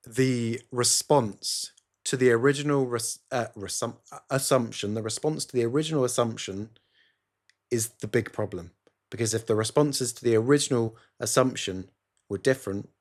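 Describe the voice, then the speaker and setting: A man hosting a solo podcast, rambling and sarcastic, recorded on a phone camera indoors. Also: mid-range voice. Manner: sarcastic, rambling, self-interrupting. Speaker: podcast host.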